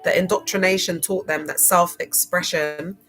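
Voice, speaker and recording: A woman's voice: lowish voice, steady tone, moderate pace, a bit bright, soft background music. A woman hosting a casual livestream, chatty and laughing often, spelling out some words. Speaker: livestream host.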